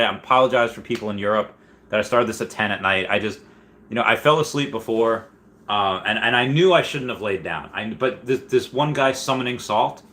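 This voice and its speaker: A man hosting a casual livestream, reading viewer comments aloud and rambling excitedly. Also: on the low side. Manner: excitable, rambling, many restarts and squeals. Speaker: livestream host.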